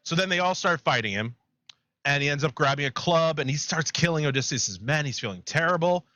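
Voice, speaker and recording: Man, podcast co-host, rambling animated storyteller; crisp bright tone, dry room. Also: on the high side, fairly quick, no echo, dull audio. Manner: rambling, animated retelling with laughs. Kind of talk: casual chat, storytelling.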